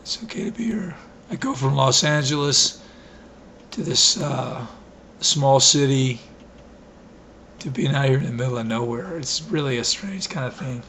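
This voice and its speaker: A man with a hoarse voice rambling through a casual video diary, full of fillers, restarts and self-deprecating asides. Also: medium pitch, measured pace, a bit bright. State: hoarse, coughing. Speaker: vlogger. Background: wind blowing outside.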